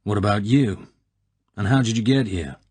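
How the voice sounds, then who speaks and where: A man's voice: fairly low pitch, moderate pace, a little mellow, breathy edge, dry recording. A man voicing a cool, sarcastic British spy in an audiobook reading. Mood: cool sardonic.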